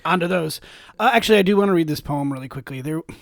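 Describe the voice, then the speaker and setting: A man co-hosting a casual podcast, animated and giggly, often restarting his sentences. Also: on the high side, quick pace, creaky, no echo, clean studio sound. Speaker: podcast co-host. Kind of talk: casual chat.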